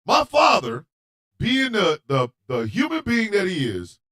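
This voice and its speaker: A man hosting a radio show, telling a comedic story in a loud, animated, profane way and often shouting. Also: high voice, a little slow.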